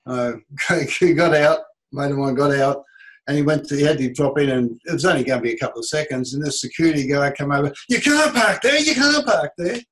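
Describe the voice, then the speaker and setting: A middle-aged Australian man, a business coach, teaching a seminar and acting out quoted speech in an animated way. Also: mid-range voice, quick pace, rough recording.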